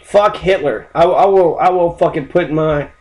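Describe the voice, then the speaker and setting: Raised-pitch male history host; angry, profane, rambling rant. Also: moderate pace, a little mellow. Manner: angry, heavily swearing, rambling.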